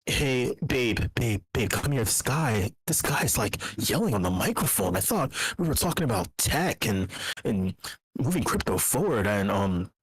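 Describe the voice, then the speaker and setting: A man doing a low, uneasy listener complaining. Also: sing-song, moderate pace, slightly rough, dry recording, rough recording. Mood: uneasy, whiny.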